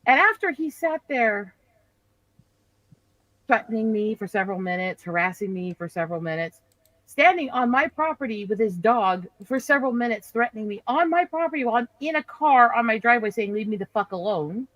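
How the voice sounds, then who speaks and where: A woman's voice: on the high side, brisk, dry recording, low-quality recording. Woman streamer, outraged storyteller, close and dry sound. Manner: indignant animated storytelling. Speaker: livestream host. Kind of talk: casual chat.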